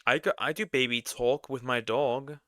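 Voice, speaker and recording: Bright crisp-voiced man reacting. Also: mid-range voice, steady tone, normal speed, no room sound, studio quality. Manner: crude, swearing, bursts of loud laughter. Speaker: reaction streamer. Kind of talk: casual reaction commentary.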